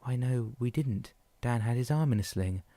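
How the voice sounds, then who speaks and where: A man voicing a panicked woman who has lost her husband, pitching his voice up and pleading. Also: normal speed, warm tone, dry recording, close to an everyday voice. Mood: distraught.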